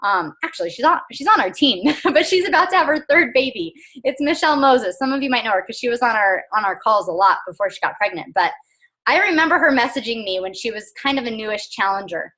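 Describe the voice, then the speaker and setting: A woman's voice: fairly high pitch, lively intonation, fast talker, sharp tone. A woman, likely in her thirties, coaching her team on a casual motivational call, chatty and earnest with frequent fillers.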